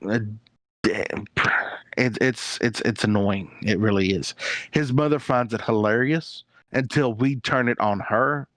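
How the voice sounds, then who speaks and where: Appearing as a guest on an interview show, a man tells rambling, plain-spoken stories about his family in casual conversation. His mid-range voice is unhurried and a bit bright, with no echo.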